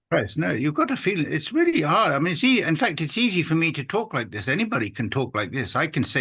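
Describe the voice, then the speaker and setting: A man with a bright voice talks through a spiritual question in an earnest, halting way. He often stops and restarts mid-thought and pokes fun at himself. He is speaking over a video call. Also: on the high side, big pitch swings, slightly rough. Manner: earnest, halting, self-deprecating. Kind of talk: conversational spiritual discussion.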